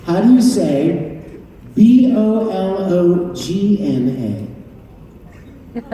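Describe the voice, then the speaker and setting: A male voice actor answers questions at a casual fan convention Q&A, laughing a lot and teasing the audience in a playful way. His high-pitched voice is animated yet very slow and dark in tone. Someone in the crowd filmed it on a phone, so the big convention hall echoes from a distance.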